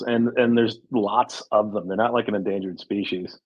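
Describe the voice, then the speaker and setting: Low-voiced man, halting and relaxed. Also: highs cut off. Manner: halting, filler-heavy, relaxed banter. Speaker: guest describing his DeFi project. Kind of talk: casual chat in an audio room.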